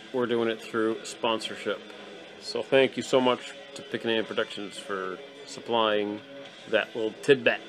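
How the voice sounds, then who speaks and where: A young man hosting an absurdist comedy show, swinging from manic yelled bursts to mumbled asides. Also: mid-range voice. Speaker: host.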